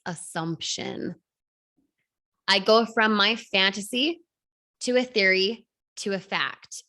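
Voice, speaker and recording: A woman in her thirties coaching an online class, energetic, firing rhetorical questions at the audience. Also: medium pitch. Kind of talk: motivational class talk.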